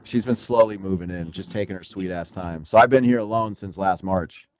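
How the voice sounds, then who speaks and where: A man guesting on a podcast, telling a story in casual, profane slang and getting animated when he retells exchanges. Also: low voice, brisk, a little hiss or hum. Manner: profane, slangy, says dude and bro a lot.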